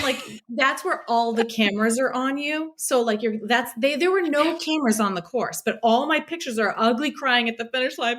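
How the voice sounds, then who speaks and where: A woman in her thirties, a podcast guest telling a story in an animated, emotional way, acting out her own quotes and swearing freely. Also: a little high, moderate pace, hardly any pauses, a little hiss or hum. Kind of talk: casual storytelling.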